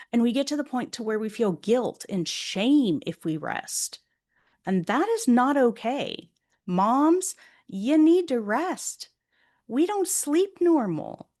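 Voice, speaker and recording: A woman's voice: medium pitch, darkish tone. Earnest woman podcast host. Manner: earnest, candid, speaks directly to listening moms. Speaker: podcast host and life coach. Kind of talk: personal storytelling monologue.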